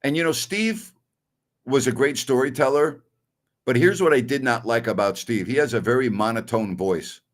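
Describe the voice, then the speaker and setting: A man's voice: mid-range voice, moderate pace. A middle-aged man hosting a sports talk stream, answering viewer messages bluntly and with strong opinions. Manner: blunt and opinionated, scoffs at callers.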